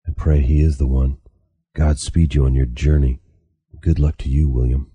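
A man's voice: very deep voice, steady tone, moderate pace, dark tone, slightly rough, no echo, muffled recording. An author reading aloud, voicing a slight, fussy male leader who is eager to please.

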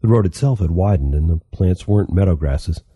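A man narrating an audiobook in a steady, measured storytelling manner. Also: low-pitched, breathy edge, no room sound, clean studio sound. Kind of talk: scripted narration.

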